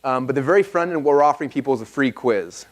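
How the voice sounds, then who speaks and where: Fast-talking man telling stories on stage. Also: medium pitch. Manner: fast, animated storytelling, acts out dialogue. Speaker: speaker at a live seminar. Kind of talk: energetic seminar talk with anecdotes.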